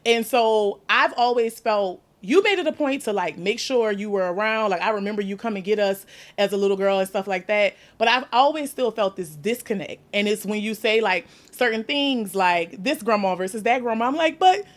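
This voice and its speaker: A woman's voice: mid-range voice, normal speed. A woman in her thirties with a New Orleans accent, hosting a candid podcast conversation and laughing often as she talks. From New Orleans, USA. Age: 30s. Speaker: podcast host.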